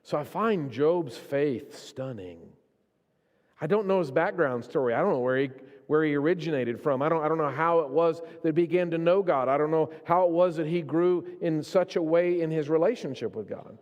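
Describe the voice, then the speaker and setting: A man preaching a sermon in a church, his delivery swinging between hushed, slow stretches and raised, impassioned ones. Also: on the high side, highs cut off. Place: church sanctuary. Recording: long reverb of a church hall.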